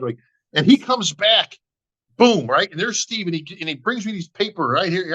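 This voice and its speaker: A man's voice: sits high, expressive, moderate pace, sharp tone, low-quality recording. A middle-aged man, a bodybuilding emcee, telling a long story on a podcast and acting out both sides of the talk. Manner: acts out both sides of conversations, says "bro" and "right?" constantly.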